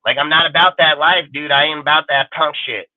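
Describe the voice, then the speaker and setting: A man with a high voice hosts a sports talk panel and lets loose a furious, profanity-laced rant. He talks aggressively, boasts, and fires off insults one after another. His voice comes through tinny and phone-like, with a dry sound. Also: steady tone, brisk, no echo. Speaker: show host.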